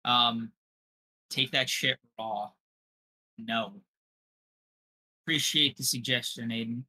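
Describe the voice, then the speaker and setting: A man's voice: mid-range voice, steady tone, takes it slowly, pushed and bright, slightly rough. A young man co-hosting a podcast, chatting casually with viewers and trash-talking in brash, profane banter. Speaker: podcast co-host. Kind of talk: casual livestream chat.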